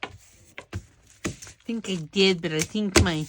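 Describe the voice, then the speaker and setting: Soft-spoken woman chatting through her crafting, slow and kind of rambly, faint hiss behind. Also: on the low side. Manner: quiet, rambling, talks to herself while working. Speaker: junk journal crafter. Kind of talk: casual crafting vlog narration.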